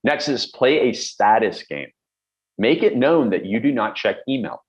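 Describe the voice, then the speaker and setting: A man's voice: medium pitch, animated, measured pace, highs cut off. A middle-aged man coaching on productivity, talking bluntly and emphatically with everyday examples. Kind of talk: direct-to-camera advice talk.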